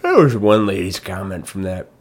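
A man's voice: low-pitched, big pitch swings, moderate pace. A man ranting bluntly in a casual monologue, swearing freely and mocking others in put-on voices. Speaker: commentator.

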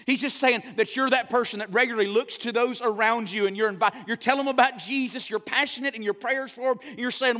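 A high-pitched man preaches a sermon as pastor, pressing his points with fervor. At times he drops to a soft, hushed near-whisper. The sound carries the long reverb of a church hall. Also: steady tone, fast, hardly any pauses.

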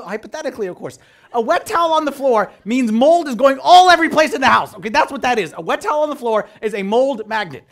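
Animated high-voiced priest preaching. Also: male voice. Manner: animated, acts out quoted voices, swings from loud to hushed. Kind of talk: sermon.

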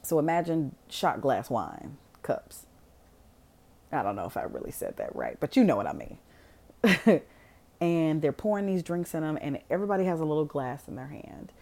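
A woman casually retelling a film plot, swearing freely and acting out the characters' lines. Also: sits low. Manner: animated, swears freely, acts out quotes. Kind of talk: casual storytelling.

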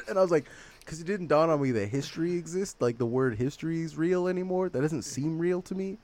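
A man's voice: on the high side, animated, fast, darkish tone, no echo. A man co-hosting a podcast in casual, rambling chat, laughing often. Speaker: podcast co-host.

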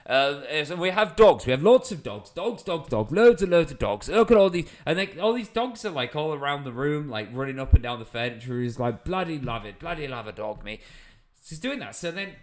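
Animated young man telling a funny story. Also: a little high, a little fast, hardly any pauses. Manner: animated, swearing, lots of fillers. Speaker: podcast co-host, storyteller. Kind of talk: casual comedic storytelling.

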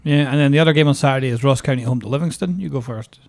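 Scottish man, football podcast co-host, quick talker, blunt sweary banter. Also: medium pitch, vocal fry. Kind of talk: casual football chat.

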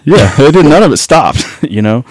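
A man's voice: a little high, big pitch swings, moderate pace, dry recording. A man telling a rowdy, profane anecdote in a casual chat, laughing as he goes. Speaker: guest. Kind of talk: casual storytelling.

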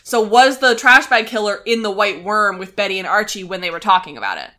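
Young woman cohost, bright tense voice, lots of ums and likes while recapping. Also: medium pitch, lively intonation, brisk. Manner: earnest and chatty, frequent fillers. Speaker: podcast co-host. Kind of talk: casual chat recapping a show.

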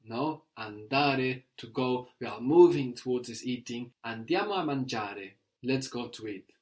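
A man leads a language lesson at an even, middle pitch. He prompts the learner with questions and draws out each example phrase slowly and clearly. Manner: patient, prompting questions, slows to model phrases. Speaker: language teacher.

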